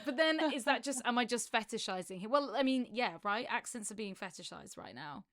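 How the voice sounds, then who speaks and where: A woman's voice: on the high side, expressive, brisk, hardly any pauses, fairly bright tone, dry recording. A British woman co-hosting a podcast, chatting enthusiastically with lots of swearing. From England. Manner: enthusiastic, laughing, heavy swearing. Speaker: podcast co-host. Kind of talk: casual chat.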